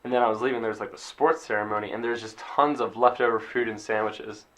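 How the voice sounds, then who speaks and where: Talking fast in a lowish, slightly bright voice with fairly even intonation, a young podcast co-host rambles through a casual story. He laughs along the way and acts out other people's quotes.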